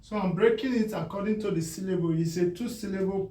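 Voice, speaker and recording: A man teaching a beginners' spelling lesson, repeating each word slowly and often asking whether it is clear. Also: high-pitched, darkish tone. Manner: slow and deliberate, repeats words and checks understanding. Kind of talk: classroom phonics lesson. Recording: echoey room, voice from a distance.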